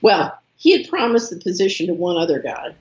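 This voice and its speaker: Animated woman telling a story. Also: on the low side, fairly quick, highs cut off. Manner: animated storyteller who acts out quoted dialogue. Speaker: interview guest. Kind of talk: conversational storytelling interview.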